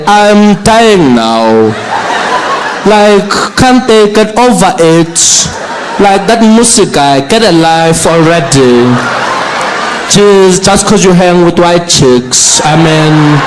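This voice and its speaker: A man puts on an older male president who sounds like a bored teenager, dragging every word out in a whiny, dismissive drawl. The delivery is high-set and swoops a lot, full of eye-rolling sass. It plays as a stand-up comedy bit. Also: animated, slow, a crowd in the background, noisy background. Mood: whiny sassy.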